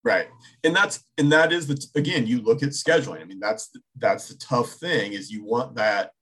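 A man in his thirties talking sports in a loose, casual way. His voice has a husky edge. He circles his points, restarting and rephrasing as he goes. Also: mid-range voice, moderate pace, a bit bright. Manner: rambling, many restarts, thinking aloud. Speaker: sports talk show co-host.

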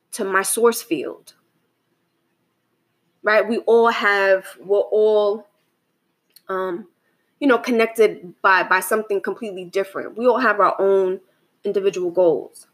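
A young adult woman talking in a casual, reflective monologue, rambling with many restarts and fillers and often asking "right?". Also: medium pitch.

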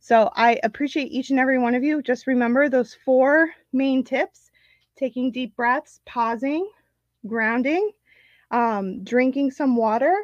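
A woman's voice: sits high, unhurried, no room sound, dull audio. Chatty, encouraging woman on a live stream. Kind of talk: casual Facebook live talk.

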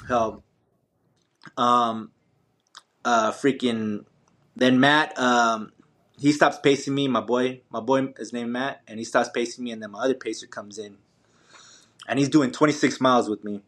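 A man's voice: medium pitch, fairly even intonation, a little slow, long pauses, fairly bright tone. A young adult man, a podcast guest, telling a running story in a casual, slangy way full of fillers and restarts. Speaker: podcast guest, ultramarathon runner.

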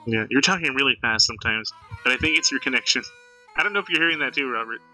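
A man's voice: mid-range voice, expressive, quick pace, bright, forceful tone, faint music behind, rough recording. A young man co-hosting a podcast in casual chat, talking in a teasing way and often stumbling through restarts. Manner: chatty, teasing, stammers on restarts. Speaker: podcast co-host.

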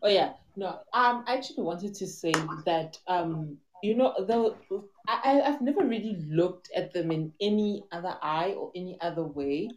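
A woman with a Nigerian accent, speaking softly in a casual podcast chat and slipping into pidgin. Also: on the low side, animated, normal speed, hardly any pauses, reverberant, a little hiss or hum, rough recording. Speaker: podcast co-host.

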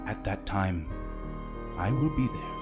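A man voicing a tall, cold cybernetic executive father who speaks softly with gentle menace. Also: sits low, lively intonation, measured pace, loud music behind the voice. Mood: soothing menace.

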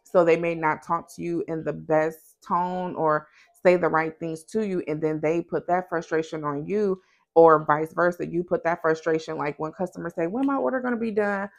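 Woman with a lowish voice, business owner talking straight to y'all, frank and chatty. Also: flat delivery, moderate pace, gravelly. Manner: frank, conversational, addresses listeners directly. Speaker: small business owner and podcast host. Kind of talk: candid motivational talk.

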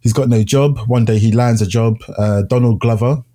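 A man co-hosting a podcast, chatting casually about films in a relaxed way and laughing easily. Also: mid-range voice, normal speed. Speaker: podcast co-host. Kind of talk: casual film review chat.

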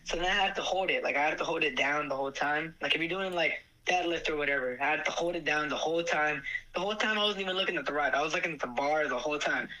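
A man, a podcast guest telling stories in relaxed, joking casual chat. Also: on the high side, fast talker, rough recording. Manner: joking, laid-back storytelling.

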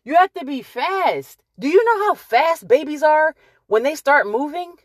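A woman in her late thirties with a drawl talks straight to camera in a slow, deliberate monologue. She leans hard on key words and lets her points land with wry emphasis. The sound is close and dry, with no room around it. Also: high-pitched, lively intonation, dry recording. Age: late 30s. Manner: emphatic and wry, drawn-out stresses, pausing for effect.

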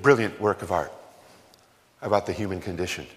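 A man with a low voice and a fairly quick delivery preaches a sermon as pastor, emphatic and conversational, firing rhetorical questions at his congregation. He's in a church sanctuary, and the recording carries a long hall reverb.

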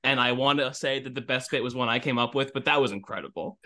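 A man's voice: medium pitch, fast, pushed and bright. A man co-hosting a podcast in casual chat. His voice sits in a mid range, and he talks in a teasing, enthusiastic way. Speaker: podcast co-host.

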